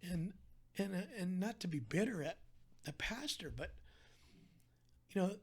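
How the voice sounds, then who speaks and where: A man's voice: sits high, expressive, a little slow, breathy edge. A man talking as a podcast guest, telling his story in an earnest, heartfelt way with frequent restarts. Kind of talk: candid conversational storytelling.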